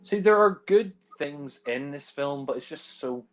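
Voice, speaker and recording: A man's voice: on the high side, animated, measured pace, soft background music. A man giving casual, joking film commentary with blunt remarks.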